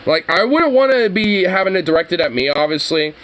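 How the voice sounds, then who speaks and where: Profane, rambling high-voiced man. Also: lively intonation, a little fast, a bit bright, poor audio. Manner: profane, rambling, laughing often. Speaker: co-host. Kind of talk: casual political commentary chat.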